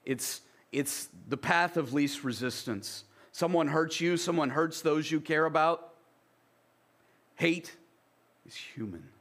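A man's voice: fairly high pitch, slow pace, fairly bright tone. Man preaching a conversational sermon. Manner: conversational preaching, reads scripture aloud then explains it. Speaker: pastor.

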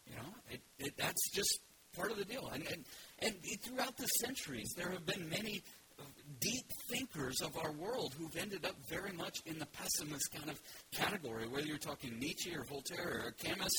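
A male pastor delivers a sermon in a loose, conversational way, often restarting his sentences and dropping in asides. His voice sits a little higher than most men's. Loud background noise runs under the recording.

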